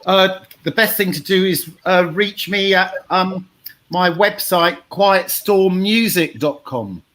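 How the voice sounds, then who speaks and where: A man's voice: high voice, takes it slowly, a bit bright. A man, a musician guest on a radio show, talking emphatically and repeating himself. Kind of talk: casual radio interview.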